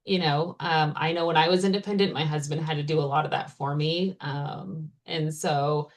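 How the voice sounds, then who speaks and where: A woman with a low voice explains things patiently in a casual interview. She pauses often with ums and "you know" as she works through her points. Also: steady tone. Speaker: surrogacy consultant, guest.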